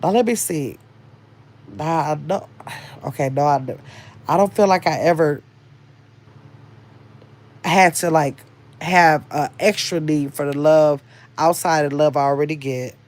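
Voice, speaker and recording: A woman's voice: sits low, a little slow, pauses often, a little mellow. An older woman hosting a casual livestream, chatting and rambling as she reads viewers' comments aloud. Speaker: livestream host reading chat.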